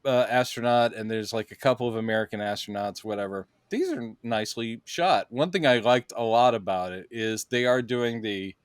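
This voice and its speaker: A man co-hosting a podcast, casually breaking down a movie in an animated way. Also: medium pitch, normal speed, few pauses, smooth, dry recording, clean studio sound. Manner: animated, acts out quoted lines in silly voices. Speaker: podcast co-host.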